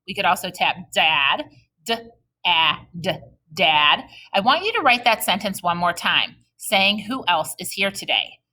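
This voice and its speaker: A woman teacher giving a recorded reading lesson to young children, patient and encouraging, slowing right down to model sentences aloud. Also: medium pitch, sing-song, bright, forceful tone.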